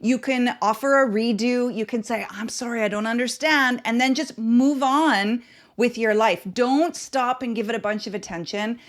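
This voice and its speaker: A woman with a fairly high-pitched voice hosts a parenting podcast. She talks in an earnest, instructive way and builds her points from short, emphatic phrases that she repeats. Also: moderate pace. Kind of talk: advice podcast monologue.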